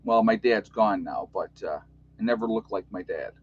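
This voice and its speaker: A man's voice: lowish voice, moderate pace, highs cut off. Overtired man with a New York accent. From United States. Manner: rambling, chatty, joking, many fillers. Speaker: YouTube channel host. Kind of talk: casual livestream chat.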